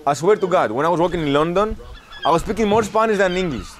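A man's voice: high voice, fast. A man from Greece with a Greek accent, chatting casually with locals outdoors while filming a travel vlog. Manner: chatty, asks locals direct questions. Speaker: travel vlogger. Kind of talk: casual street chat. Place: outdoors in a seaside town. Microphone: handheld camera.

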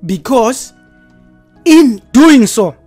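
A woman presenter giving a scripted talk, with an emphatic, deliberate and pointed delivery. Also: on the high side, expressive, warm tone, breathy edge, faint music behind.

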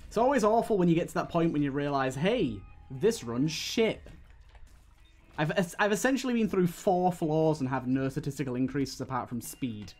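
A man's voice: on the high side, lively intonation, quick pace, few pauses, darkish tone, soft background music. A young British man streaming a game, giving exasperated running commentary full of swearing. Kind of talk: live gameplay commentary.

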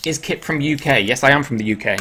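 A man's voice: mid-range voice, fast talker, sharp tone, husky, faint music behind. Chatty English man hosting a livestream. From England. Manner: chatty, answers viewer questions aloud, laughs at himself. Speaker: livestream host. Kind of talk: casual live-stream chat.

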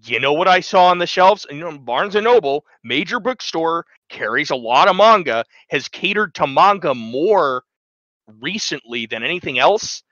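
A man's voice: fairly high pitch, lively intonation, moderate pace, bright, forceful tone, no echo, muffled recording. A man co-hosting a casual podcast, chatty and eager, often trailing off and restarting his sentences. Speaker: podcast co-host.

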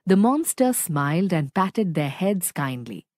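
A woman reading a children's story aloud in a slow, expressive storytelling manner. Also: lowish voice, no echo, studio quality. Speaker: storybook reader.

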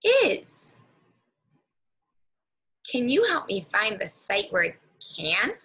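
A woman teacher leading a guided reading lesson for young children, speaking slowly and encouragingly and stretching out words. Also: medium pitch, very animated, sharp tone, breathy edge, poor audio.

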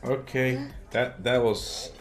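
Ranting, swearing Dutch-accented streamer. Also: male voice, medium pitch, steady tone, slow pace, faint music behind. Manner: ranting, swearing, shouting at teammates. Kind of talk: casual gaming commentary.

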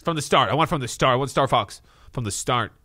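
A male streamer chatting excitedly to his live chat, loud and swearing, reacting and thanking viewers. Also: medium pitch, fast, dry recording, faint music behind.

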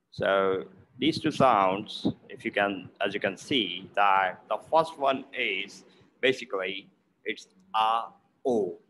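A man teaching pronunciation, explaining slowly and repeating words aloud to model each sound. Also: fairly low pitch, a bit bright, a little hiss or hum, rough recording.

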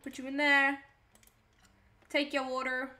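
A woman's voice: high voice, monotone, unhurried, bright, forceful tone. A young woman streaming a game, chatting casually to herself and reading chat aloud. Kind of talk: casual live-stream chatter while playing a cooking game.

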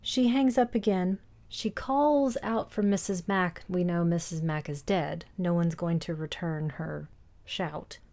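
A woman's voice: fairly low pitch, steady tone, unhurried, darkish tone. A woman co-hosting a film podcast, recapping scenes in detail in a casual discussion and laughing easily. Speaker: podcast co-host.

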